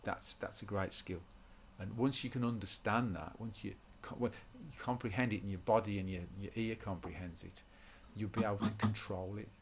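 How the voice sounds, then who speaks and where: Low-voiced man teaching guitar rhythm. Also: fairly even intonation, moderate pace, hardly any pauses, a little hiss or hum. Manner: rambling with many restarts, counts rhythms aloud. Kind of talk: informal spoken lesson.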